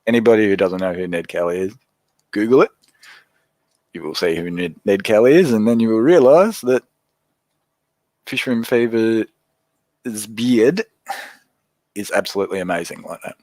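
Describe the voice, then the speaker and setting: A man with an Australian accent talks casually through a livestream, answering viewers in a loose, chatty way. His voice sits low and deep. The sound is dry and close, with no room echo. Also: normal speed, pauses often. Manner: relaxed, chatty, reads and answers viewer comments. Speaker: livestream host.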